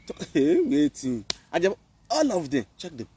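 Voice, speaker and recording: Animated Nigerian Pidgin-speaking man, scolding. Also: on the high side, fast talker, recorded from a distance, a little hiss or hum. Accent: Nigerian Pidgin English. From Benin, Nigeria. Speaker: online commentator. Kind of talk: live video rant.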